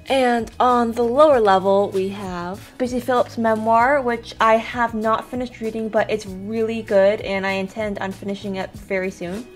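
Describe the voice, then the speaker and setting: A woman's voice: fairly high pitch, fairly even intonation, normal speed, hardly any pauses, soft background music. A young woman casually talking to camera from her bedroom, chatty and upbeat, walking through items one by one. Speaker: lifestyle vlogger. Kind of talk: casual vlog talk to camera. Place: bedroom, sitting on her bed.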